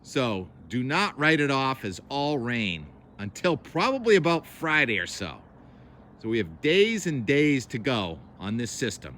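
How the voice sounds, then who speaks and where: A man's voice: medium pitch, big pitch swings, measured pace, fairly bright tone, a little hiss or hum. A man hosting a casual weather talk, rambling and correcting himself as he goes. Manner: chatty, rambling, self-correcting asides. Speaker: weather show host.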